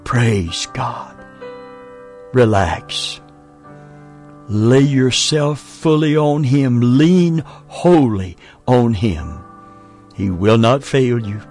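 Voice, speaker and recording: Slow, emphatic male preacher. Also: mid-range voice, expressive, a little mellow, soft background music. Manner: slow, emphatic preaching with short broken phrases. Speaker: preacher and show host. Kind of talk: sermon.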